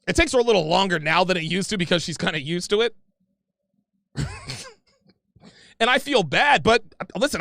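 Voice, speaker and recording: Man, 30s, high, lively delivery, profane rambling storyteller, gravelly edge. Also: no room sound, clean studio sound. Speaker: podcast guest. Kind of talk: casual storytelling.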